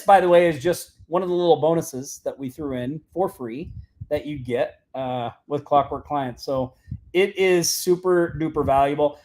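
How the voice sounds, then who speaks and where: A man with a notably high speaking voice hosts a live show and walks his audience through a sales method. He talks casually and keeps asking "right?" and "okay?" to bring listeners along. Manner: energetic, checks in with "right?" and "okay?". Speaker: host of a live marketing show.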